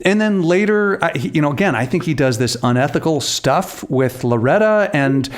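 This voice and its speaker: A man co-hosting a relaxed conversational podcast, talking with lively emphasis. His voice sits somewhat high for a man. He stumbles and restarts often and breaks into short laughs mid-sentence. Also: moderate pace. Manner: animated, laughing asides, frequent restarts. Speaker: podcast co-host.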